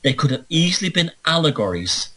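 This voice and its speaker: A man's voice: a little high, very animated, a little fast, sharp tone, breathy edge, low-quality recording. A man hosting a monologue podcast, ranting emphatically with sardonic, playful asides. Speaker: show host.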